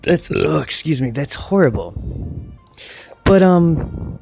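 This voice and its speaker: A man's voice: on the high side, sing-song, slow pace, vocal fry, darkish tone, breathy edge, faint music behind. A middle-aged man ranting casually as an online commentator, rambling and mocking, with lots of restarts and swearing. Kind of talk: casual rant.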